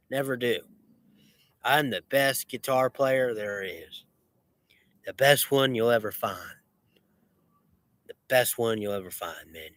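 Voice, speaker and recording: A man's voice: medium pitch, bright, forceful tone, no echo. A man who runs a lawn care business, talking in a rambling, repetitive and boastful way with many restarts. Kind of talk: rambling casual monologue.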